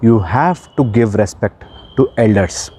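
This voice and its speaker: A man giving an earnest spiritual talk, stressing points by repeating words and slowing down. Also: on the low side, warm tone, breathy edge. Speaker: spiritual counsellor and life coach. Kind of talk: earnest spoken talk to camera.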